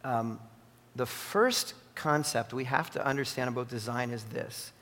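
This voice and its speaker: A man preaching a sermon in an animated, exclaiming way, often restarting his sentences. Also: medium pitch, unhurried, big-room sound. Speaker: pastor.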